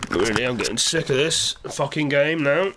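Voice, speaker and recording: A man's voice: a little high, normal speed, heavy background noise. A man playing a video game who keeps muttering and swearing in frustration as he searches for something. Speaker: gamer playing through a VR game. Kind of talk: angry gameplay commentary.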